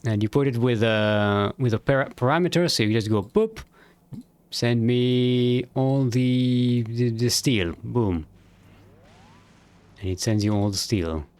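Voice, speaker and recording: A man's voice: fairly low pitch, normal speed, no room sound. A man streaming a factory game, thinking aloud in a loose, rambling way and swearing now and then. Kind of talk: casual gameplay commentary.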